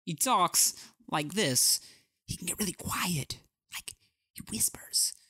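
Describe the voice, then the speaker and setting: Brief: man putting on an odd, slow, breathy drawl, higher than his own voice. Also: bright, forceful tone, exaggerated voice. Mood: mocking. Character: eccentric man with odd pauses and whispers.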